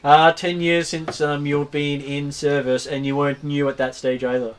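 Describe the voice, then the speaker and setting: A man narrating a tabletop role-playing game as game master, halting and full of fillers. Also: a little high, level tone.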